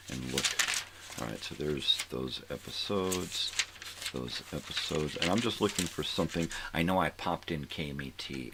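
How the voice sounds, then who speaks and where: A man's voice: extremely low pitch, heavy background noise. An older man hosting a casual morning show, rambling and thinking aloud, often trailing off into mumbles. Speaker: host.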